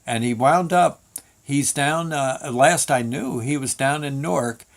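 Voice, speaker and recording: A man's voice: medium pitch, a little slow, creaky. A man hosting a show, telling a story in a casual, rambling way with many restarts and fillers. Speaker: show host.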